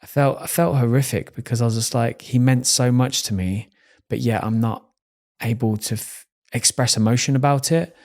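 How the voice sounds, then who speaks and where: A man's voice: medium pitch, fairly even intonation, moderate pace, hardly any pauses, a little mellow. A man from England, hosting a podcast and speaking candidly in a casual conversation, laughing easily. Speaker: podcast host.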